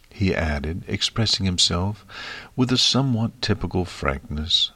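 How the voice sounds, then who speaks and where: A man narrates a fantasy story in a steady, expressive voice. His voice sits very low. The recording is dry and close, with no room echo. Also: a little slow. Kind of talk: audiobook fiction reading.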